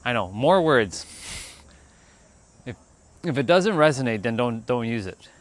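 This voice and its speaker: A man's voice: mid-range voice, lively intonation, measured pace. A man hosting a casual livestream who chats in a laid-back, musing way and laughs easily. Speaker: livestream host.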